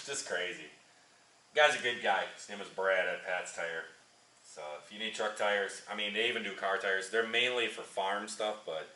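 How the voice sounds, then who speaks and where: Deep-voiced chatty trucker in an echoey shop. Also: male voice, sharp tone, slight background noise. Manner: rambling, chatty, repeats himself. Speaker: trucker and channel host. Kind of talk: casual storytelling vlog. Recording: echoey shop, mic at a distance.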